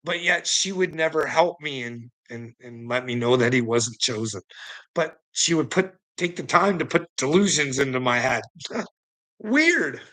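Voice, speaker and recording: A man's voice: mid-range voice, normal speed, sharp tone, poor audio. A man ranting in a rambling monologue, mocking and profane, laughing often between lines. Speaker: vlogger.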